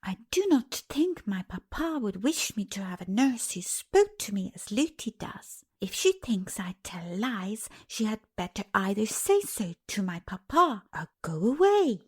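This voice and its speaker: A woman voicing a young princess girl who speaks quietly and with dignity. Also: mid-range voice, sing-song, measured pace, few pauses, husky. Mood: polite.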